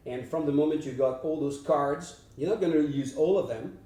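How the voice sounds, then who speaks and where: A man speaking earnestly and with emphasis as a guest in a casual interview. His voice sits somewhat high and sounds mellow. It is picked up from a distance in an echoey room. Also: normal speed. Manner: earnest, emphatic advice-giving. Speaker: actor guest. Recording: roomy sound from a distant mic.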